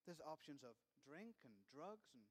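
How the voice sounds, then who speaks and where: A man with a high voice preaches a sermon, telling the scripture story in a chatty, conversational way. His voice rings out with the long reverb of a large hall. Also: expressive, measured pace.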